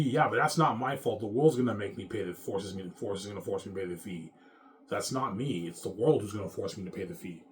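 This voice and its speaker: A man's voice: on the low side, brisk, slight background noise. A man in his thirties ranting casually to camera, rambling and profane. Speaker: vlogger.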